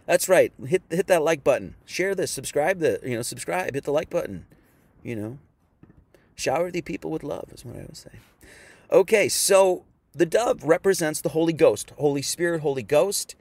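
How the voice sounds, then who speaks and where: Rambling preacher man, slightly high voice. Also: lively intonation, moderate pace, darkish tone, dry recording. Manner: rambling, repeats himself, reads scripture aloud. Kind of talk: online sermon lesson.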